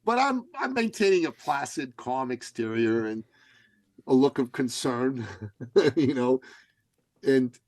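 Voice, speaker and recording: A man telling a story as a guest in a podcast interview, in an animated, dramatic way. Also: medium pitch, takes it slowly, pauses often, no echo, rough recording. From Canada. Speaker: guest, business coach.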